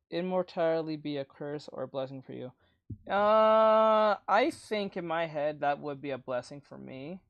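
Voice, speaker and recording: A man's voice: a little high, vocal fry, dry recording, lo-fi sound. A young man with a boyish, youthful-sounding voice chatting casually on a livestream, rambling, laughing often and swearing freely.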